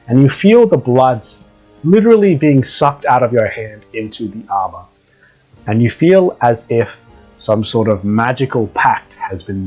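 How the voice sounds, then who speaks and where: A man narrating as game master of a tabletop game, relaxed and chuckling. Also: mid-range voice, rough recording.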